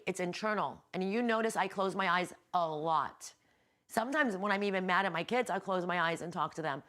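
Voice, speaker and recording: A woman healer and yoga instructor leading a casual guided meditation class from a hotel room, talking in a relaxed, rambling and candid way with the odd swear word. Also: mid-range voice.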